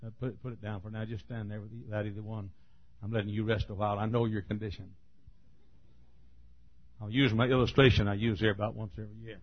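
A man preaching a sermon, telling a folksy story and building to emphatic, forceful points. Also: on the low side, level tone, quick pace, highs cut off.

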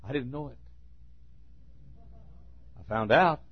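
A man preaching a sermon, folksy and storytelling, dropping to quiet asides and then bursting into shouts. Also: mid-range voice, expressive, takes it slowly, husky. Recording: dull lo-fi recording.

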